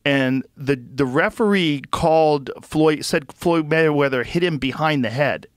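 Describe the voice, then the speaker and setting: Emphatic, swearing podcast host, fairly high voice. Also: male voice, a little slow, no echo, clean studio sound. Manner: emphatic, swears freely, acts out quotes loudly. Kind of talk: casual podcast chat.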